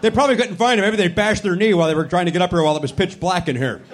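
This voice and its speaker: A man's voice: high voice, racing. A man hosting a podcast live on a comedy club stage, talking in a brash, sarcastic, profane way. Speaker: podcast host. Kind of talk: live stand-up style podcast banter. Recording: live club recording with crowd and noise. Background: audience laughter.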